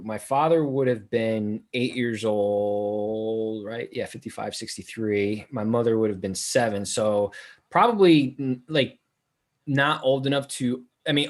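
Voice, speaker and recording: Tired, joking man co-hosting a live show. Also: mid-range voice. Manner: joking, swears freely. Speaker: podcast co-host. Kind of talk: casual live commentary chat.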